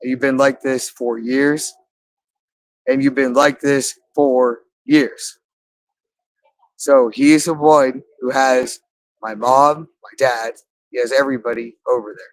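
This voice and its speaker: A man speaking in a rambling, halting monologue, repeating phrases again and again. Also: mid-range voice, steady tone, no echo, low-quality recording. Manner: halting, with frequent restarts.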